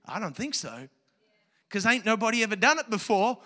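A man leads a children's church service from a church stage, talking to the kids with playful, enthusiastic energy. His voice sits high with a sharp tone, big pitch swings, and a fairly quick pace.

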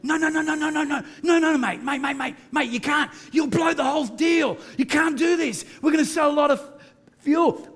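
A man with an Australian accent acting out a panicky salesman who shouts and pleads frantically. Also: extremely high pitch, moderate pace, long reverb tail, pitched above the performer's own voice. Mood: frantic.

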